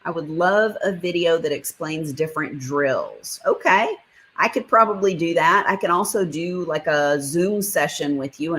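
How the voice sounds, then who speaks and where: This woman's deep voice carries a casual livestream where she reads comments and greets viewers by name. The audio is poor, with slight background noise.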